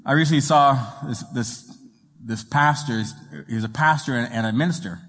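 Joking guest preacher in a reverberant church. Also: male voice, mid-range voice, a bit bright. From raised in an Italian home. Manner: joking storyteller, halting restarts. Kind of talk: sermon with jokes. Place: church sanctuary.

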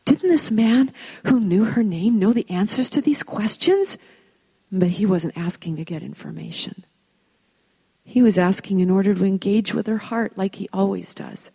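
A woman leads a Bible study, retelling a scripture story in an expressive, reflective manner. Her tone is mellow and warm, at an ordinary middle pitch. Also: moderate pace, vocal fry, husky.

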